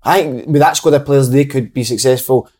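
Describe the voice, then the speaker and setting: A man on a football podcast, cheekily pitching bold opinions. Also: fairly quick, a little mellow. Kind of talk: casual football chat.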